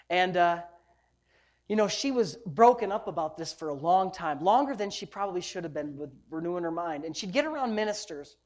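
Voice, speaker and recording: A woman pastor delivering a sermon, preaching emphatically and throwing rhetorical questions at the congregation. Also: medium pitch.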